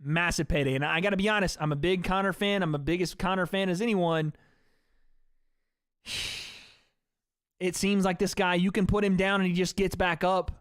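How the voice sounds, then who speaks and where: A male livestream host with a hoarse, worn-out voice, rambling casually to his chat and swearing freely. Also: sits high, steady tone, normal speed, pauses often, a bit bright, no echo, clean studio sound.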